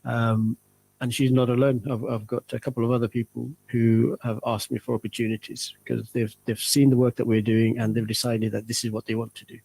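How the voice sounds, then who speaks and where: A man speaking as a charity guest on a radio interview, talking in a measured, earnest way and slowing down to stress his points. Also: medium pitch, flat delivery, gravelly, warm tone, husky, poor audio.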